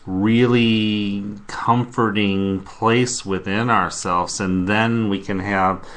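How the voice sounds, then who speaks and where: A man co-hosting a self-help talk show, speaking in a thoughtful, hesitant way with many pauses. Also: fairly low pitch, steady tone, a bit bright. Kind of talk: motivational talk radio chat.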